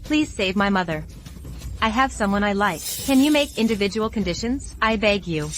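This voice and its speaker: A woman's voice: medium pitch, lively intonation, moderate pace, slight background noise, lightly acted. A woman dubbing a distressed eighteen-year-old woman in an English dub of a drama, speaking in a pleading way. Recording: dubbed dialogue over music.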